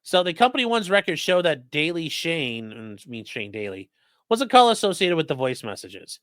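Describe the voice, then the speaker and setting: A man's voice: a little high, sing-song, moderate pace, a bit bright, dry recording. A man hosting a true crime livestream, reading court papers aloud with sarcastic, profane asides. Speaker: host.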